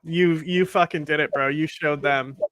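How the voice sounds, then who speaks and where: A man's voice: on the high side, fairly even intonation, normal speed, a bit bright, smooth, no room sound. A man in casual podcast chat, mocking another speaker with sarcasm and heavy swearing.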